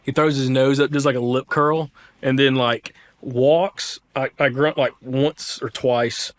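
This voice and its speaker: A man's voice: medium pitch, a little slow. Man from Alabama telling a hunting story. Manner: rambling, animated retelling with quoted dialogue. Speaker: podcast host, hunter. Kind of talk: casual storytelling.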